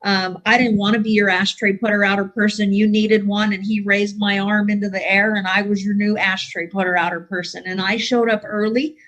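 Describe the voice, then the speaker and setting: A woman's voice: mid-range voice, level tone, brisk, few pauses, fairly bright tone, muffled recording. Middle-aged woman, recovery speaker, dry self-mocking humor, video-call audio. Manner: wry, self-deprecating humor. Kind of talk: recovery share storytelling. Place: home, online meeting.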